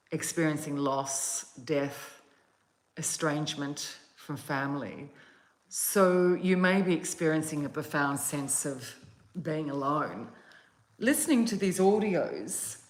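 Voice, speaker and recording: Female meditation host, casual home vlog, slow, gentle and meandering, roomy phone sound. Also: sits low. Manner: soft, gentle and meandering, with yawns. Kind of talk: casual chat to viewers. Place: at home, outdoors on a calm day.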